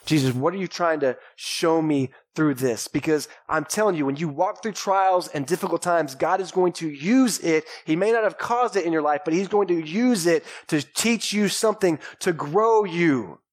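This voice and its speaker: A man in his thirties from Texas, a pastor preaching a lively sermon to a congregation and calling out to them. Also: a little high, normal speed, hardly any pauses. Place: church sanctuary before a congregation. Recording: live church recording.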